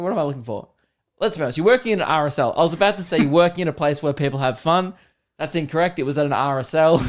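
A man in his thirties with an Australian accent, hosting a comedy podcast and telling an exasperated story with lots of laughing and swearing. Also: fairly high pitch. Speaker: podcast host.

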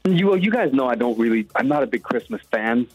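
A man's voice: mid-range voice, animated, fast, breathy edge, no echo, muffled recording, soft background music. A man, a singer guesting on a radio show, talking in a chatty, self-mocking way. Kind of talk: casual radio interview.

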